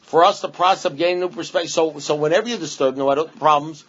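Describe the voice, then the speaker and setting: A man with a fairly high voice speaks at a recovery meeting, blunt and rambling. He hammers points home with repetition and sarcastic asides. The recording sounds dull and lo-fi. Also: very fast, a bit bright.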